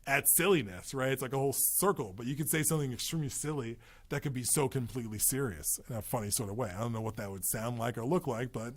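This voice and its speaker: A man's voice: mid-range voice, quick pace, hardly any pauses. A man hosting a podcast in a loose, rambling monologue with profane, joking asides. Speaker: podcast host.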